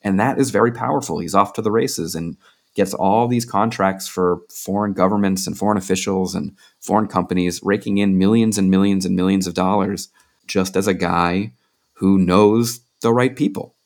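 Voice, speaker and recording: A man's voice: sits low, steady tone, moderate pace, darkish tone. A man being interviewed as a journalist and author, telling anecdotes in a loose conversational way with frequent fillers.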